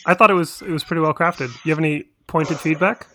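A man's voice: on the high side, steady tone, fast, bright, forceful tone, slight background noise. A man hosting a casual podcast, full of joking, teasing banter. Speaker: podcast host.

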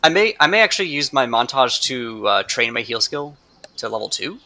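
A man playing a tabletop game, talking casually with quick, stumbling restarts. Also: mid-range voice, sing-song, bright, forceful tone. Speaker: player.

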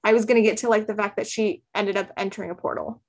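A woman's voice: mid-range voice, fairly even intonation, fast talker. A woman recapping a romance novel in casual podcast chat, chatty and full of "like" fillers, laughing often. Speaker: podcast guest.

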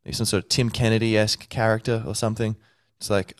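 A man's voice: on the low side, little pitch movement, quick pace, few pauses, no room sound, clean studio sound. A man hosting a podcast, thinking aloud in a rambling, playful way with many fillers. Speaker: podcast host. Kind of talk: casual solo talk.

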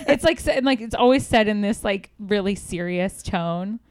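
A woman's voice: mid-range voice, lively intonation, moderate pace, darkish tone. A woman guesting on a casual podcast, chatty, laughing between remarks and restarting her sentences. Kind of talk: casual chat.

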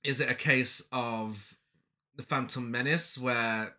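A man's voice: mid-range voice, fairly even intonation, takes it slowly, bright, forceful tone. A man co-hosting a podcast, chatting casually about a film with crude, sarcastic, mock-outraged questions. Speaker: podcast co-host. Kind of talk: casual film review chat.

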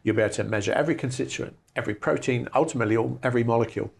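A man's voice: medium pitch, very fast, vocal fry, a little mellow, breathy edge. A middle-aged man who directs a research institute, answering interview questions with enthusiastic explanations.

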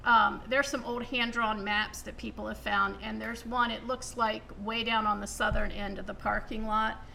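A woman's voice: on the high side, little pitch movement, moderate pace, creaky, bright, forceful tone, slight background noise, poor audio. A woman researcher explaining local history in a matter-of-fact way, with many ums. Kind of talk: casual explanation.

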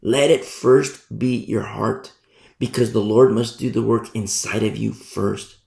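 Male pastor, sermon delivery, gravelly and emphatic, echoey room. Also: on the low side, fairly even intonation, unhurried, darkish tone. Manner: emphatic, repeats key phrases. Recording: roomy echo.

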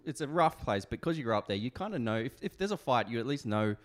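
Animated Australian man telling a story. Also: medium pitch, fast. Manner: animated, laughing storyteller, swears freely. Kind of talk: casual storytelling chat.

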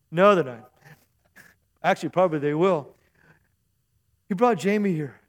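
A man's voice: a little high, slow. A man preaching a sermon to his congregation in a church service, chatty and joking, often asking the crowd for an "amen". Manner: chatty, jokey preaching with call-and-response asides. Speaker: pastor.

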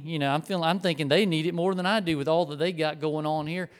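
A man's voice: on the high side, fairly even intonation, fast. A middle-aged man, preaching a conversational, folksy sermon and telling a story. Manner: rambling, folksy, self-correcting.

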